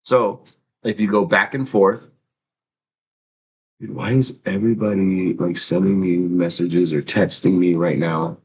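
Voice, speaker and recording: A middle-aged man with a very low voice hosts a laid-back livestream. He chats loosely with viewers and slides into explaining an art and mindfulness exercise, dropping the odd curse word. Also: steady tone, a little slow, a little hiss or hum, low-quality recording. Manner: chatty, loose, swears casually. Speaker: livestream host and art teacher. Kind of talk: casual livestream chat and art lesson.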